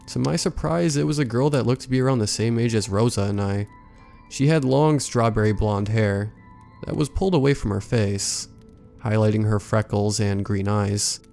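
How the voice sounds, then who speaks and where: Gravelly-voiced man narrating horror. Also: fairly low pitch. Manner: calm, measured storytelling. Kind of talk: scripted horror story narration.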